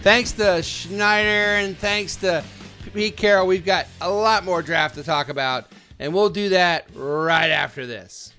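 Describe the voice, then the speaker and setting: A man's voice: high-pitched, measured pace, pushed and bright, soft background music. A man hosting a casual sports podcast, joking and rambling with laughs. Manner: jokey, rambling, with frequent laughs. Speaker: podcast host.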